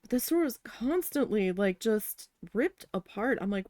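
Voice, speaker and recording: A woman chats while she crafts, telling a story in an exasperated, chatty way with the odd swear word. Her voice sits fairly high, and the sound is dry and close with little room. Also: expressive, measured pace, darkish tone, dry recording. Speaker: craft vlogger.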